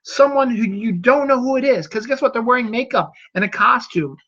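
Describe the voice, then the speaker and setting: A man's voice: very high voice, animated, fairly quick, a bit bright. A man in his thirties hosting a solo podcast, talking casually and rambling with restarts. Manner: rambling, repeats words and restarts. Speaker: podcast host. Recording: dull lo-fi audio.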